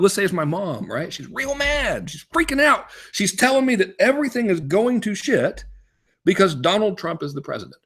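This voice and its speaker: A man teaching a casual business webinar as a coach, talking in an animated way and checking in with rhetorical "right?" and "okay?". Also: high voice, breathy edge. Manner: animated, frequent rhetorical "right?" and "okay?", swings up to emphatic peaks.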